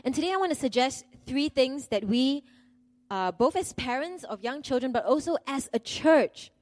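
A woman's voice: sits high, animated, moderate pace, darkish tone, dry recording. A middle-aged woman, preaching a sermon in an earnest, conversational way with self-deprecating humor.

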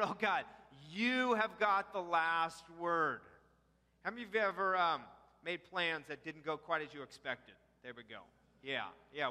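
Male pastor, 40s, bright lively preaching voice in a reverberant church hall, calls the congregation to repeat lines. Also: on the high side, clear, resonant tone. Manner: animated preaching with audience call-and-response. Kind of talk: sermon. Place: church auditorium. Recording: long reverb of a large hall.

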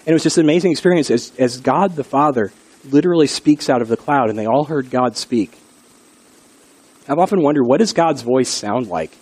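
Through earnest, conversational preaching, a middle-aged male pastor tells stories during his sermon. He speaks a little fast, with a mid-range, slightly mellow voice.

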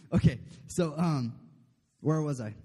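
A man's voice: a little high, slow pace, dark tone, breathy edge. A man preaching a casual, chatty sermon, often checking in with the room. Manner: chatty, asks the room "okay?", laughs often. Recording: long hall reverb.

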